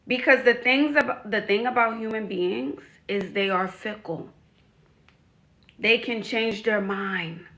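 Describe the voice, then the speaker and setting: Woman, advice vlogger and life coach; bright, slightly high voice; emphatic, repeats herself, fires off rhetorical questions. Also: takes it slowly. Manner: speaks frankly to young women. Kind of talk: direct-to-camera advice vlog.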